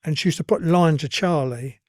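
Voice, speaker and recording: A man's voice: on the high side, normal speed, no room sound, clean studio sound. An older man with an East London accent, telling stories as a podcast guest in a blunt, earthy way and swearing freely. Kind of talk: casual storytelling.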